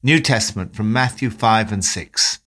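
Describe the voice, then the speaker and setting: A man presenting scripted devotional commentary in a gentle, earnest, encouraging way. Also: on the low side, moderate pace, no echo, studio quality.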